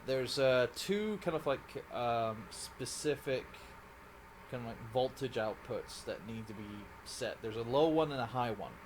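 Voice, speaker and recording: A Scottish man chatting through a live gameplay stream with a mid-range voice, rambling, restarting his words and giggling now and then. A faint hiss of noise sits under the recording. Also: medium pitch. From Scotland. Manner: rambling, self-correcting, giggly. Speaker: game streamer. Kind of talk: casual live gameplay commentary.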